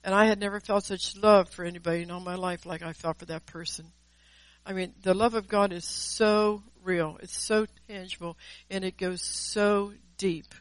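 A woman's voice: mid-range voice, fairly even intonation, normal speed, no room sound, rough recording. A woman preaching a devotional sermon in an earnest, emphatic way, repeating words for stress and mixing in personal testimony.

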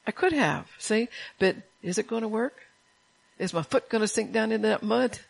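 A woman's voice: a little high, normal speed, vocal fry, poor audio. A woman preaching a sermon to a congregation, folksy and chatty, with laughing asides and call-outs to the room.

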